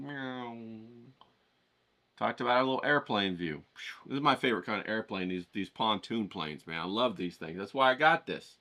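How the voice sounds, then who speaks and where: Energetic, profane man coaching writers. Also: fairly low pitch. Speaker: writing challenge host. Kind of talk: casual motivational lesson.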